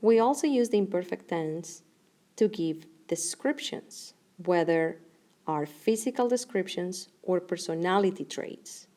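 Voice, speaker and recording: Warm-toned woman teaching a grammar lesson. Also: fairly low pitch, animated. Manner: clear, measured explanation with slow deliberate examples. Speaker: Spanish teacher.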